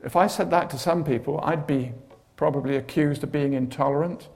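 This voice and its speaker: A man's voice: a little high, a little fast, creaky. A man preaching a sermon, telling stories with dramatic flair and humorous asides. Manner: animated storytelling with humorous asides.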